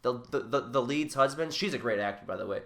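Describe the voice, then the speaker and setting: A man's voice: medium pitch, animated, fast talker, a bit bright. An emphatic man co-hosting a podcast in a loose, casual chat. He swears freely and slips into the voices of the people he talks about. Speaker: podcast co-host.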